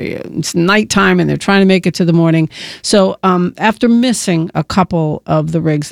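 A woman's voice: fairly low pitch, creaky, no echo, studio quality. A woman hosting a radio interview, recapping the story in a conversational way and prompting her guest. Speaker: radio show host.

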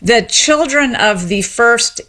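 Middle-aged woman, academic interview guest, articulate and animated in her explanations. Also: fairly high pitch, takes it slowly. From Memphis, Tennessee. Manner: articulate, explanatory, lively emphasis. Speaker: sociolinguist guest. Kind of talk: radio interview.

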